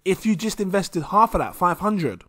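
Young man, English accent, excitable, giggly, rambling, lively swinging pitch, bright tone. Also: normal speed, no room sound, studio quality. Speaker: crypto vlogger. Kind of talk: casual screen-share commentary.

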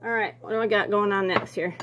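A woman's voice: medium pitch, fairly even intonation, fast, dull audio, noisy background. A woman, talking to herself and her viewers as she bakes in her home kitchen, with rambling asides. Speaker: home cooking vlogger. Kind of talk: casual kitchen chat.

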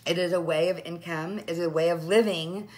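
A woman's voice: fairly low pitch, a little fast. Tearful, gushing woman on a live video. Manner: gushing, excited, rambling. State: tearful, overwhelmed. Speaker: direct sales team leader. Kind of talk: emotional live video to followers.

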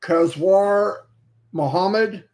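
A man's voice: high-pitched, very slow, darkish tone. A man hosting a casual livestream, reading out viewers' names one by one and welcoming them, now and then tripping over a name. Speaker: livestream host. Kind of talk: casual livestream shout-outs. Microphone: headset.

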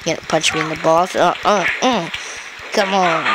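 A man giving excitable, goofy let's-play commentary full of trash talk and sudden yelps. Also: a little high, normal speed, heavy background noise. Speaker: gameplay commentator.

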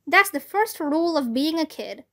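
A woman reading a children's chapter book aloud, slow and deliberate. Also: high voice, lively intonation, sharp tone. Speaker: read-aloud narrator.

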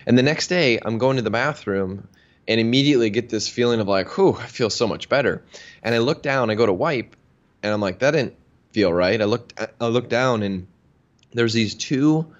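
The guest here is a health practitioner from Minnesota in his thirties, talking at a moderate pace with a mid-range voice. During a laid-back interview he narrates a story energetically, acting out each character's lines, over a dull lo-fi recording.

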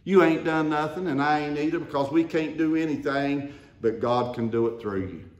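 Preacher in a roomy church. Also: male voice, fairly high pitch, moderate pace, muffled recording. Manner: call-and-response preaching, rising to emphatic declarations. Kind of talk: sermon. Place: church sanctuary.

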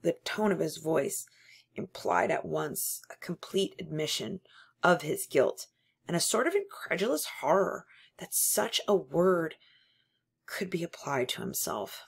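A woman reading a novel aloud in a measured, steady narration. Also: sits low, vocal fry, breathy edge. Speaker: audiobook reader.

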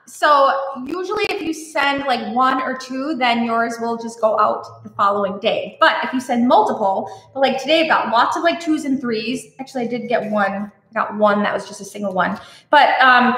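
A woman hosting an art live stream, chatting casually and rambling off on tangents while reacting warmly to viewer comments. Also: a little high, moderate pace, roomy sound. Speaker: art channel host.

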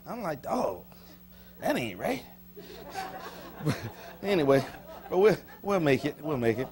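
A man preaching a sermon as pastor, folksy and joking with the congregation, swinging between soft asides and sudden shouts. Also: fairly high pitch, big pitch swings, slow. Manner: folksy, humorous, talks to the congregation. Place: church sanctuary.

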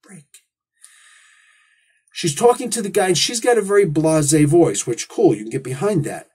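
A man's voice: fairly high pitch, animated, moderate pace, darkish tone, slightly rough. A man hosting a comic book review, talking in a casual, opinionated monologue full of rhetorical questions and asides.

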